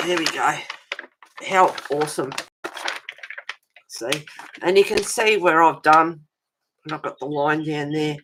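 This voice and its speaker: This deep-voiced, middle-aged host of a colouring channel livestreams from a table at home over a webcam, chatting with viewers by name and answering their comments with endearments. She speaks at a measured pace, pausing often, against a noisy background, and admits to being fussy and pedantic about detail.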